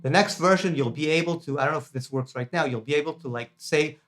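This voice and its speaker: A man's voice: fairly high pitch, fast talker, a bit bright. A man teaching guitar harmony in a casual, chatty lesson, enthusiastic and full of fillers and restarts. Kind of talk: casual lesson demonstrating a practice app.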